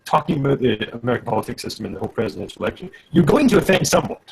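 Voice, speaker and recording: A man chatting casually as a guest on a live video call, talkative and quick to share news and opinions. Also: mid-range voice, sing-song, gravelly, husky, rough recording. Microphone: home computer mic on video call.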